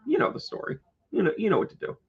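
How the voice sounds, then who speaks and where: A man's voice: high voice, sing-song, rapid-fire, creaky, breathy edge, lo-fi sound. A man hosting an astrology live stream, chatty and joking, talking to his viewers by name. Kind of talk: casual live stream chat.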